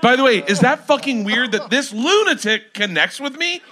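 Brief: high, animated male comic, loud and laughing, noisy live recording. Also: normal speed. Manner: loud, laughing, swearing, excitable. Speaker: guest comedian. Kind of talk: casual comedy podcast banter. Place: live podcast stage.

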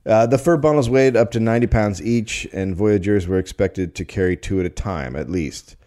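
A middle-aged man hosting a podcast, reading out a history story and breaking off for deadpan jokes. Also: lowish voice, normal speed. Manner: deadpan storyteller, jokey asides.

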